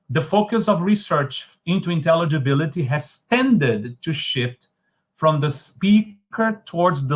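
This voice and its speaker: A man with a Brazilian Portuguese accent, a native Portuguese speaker giving an academic online lecture in a halting, discursive way with frequent restarts. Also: a little high.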